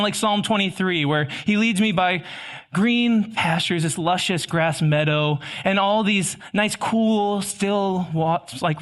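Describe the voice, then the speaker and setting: Young male preacher, light high voice, relaxed conversational sermon with jokes. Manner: casual, chatty, self-deprecating humor.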